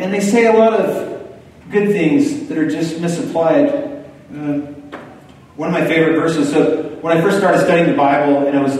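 A man preaching a sermon in a conversational way, turning lively when he quotes other people. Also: on the high side, a little hiss or hum. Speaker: pastor. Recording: echoey hall, far from the mic.

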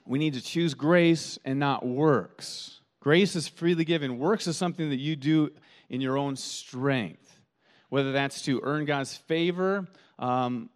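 A middle-aged man preaching a sermon as pastor, building from calm teaching to animated rhetorical questions. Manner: rising to animated, high-pitched rhetorical questions.

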